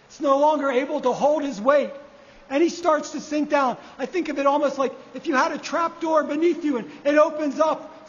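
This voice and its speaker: A man preaching a sermon, measured and repeating key phrases for emphasis. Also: very high-pitched. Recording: echoey hall, dull lo-fi sound.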